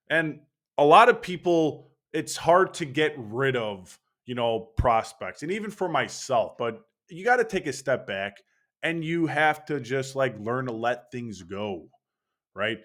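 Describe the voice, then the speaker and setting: A man's voice: mid-range voice, fairly bright tone. A young man hosting a casual sports opinion monologue, brash and profane, talking with hyped energy. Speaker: baseball channel host.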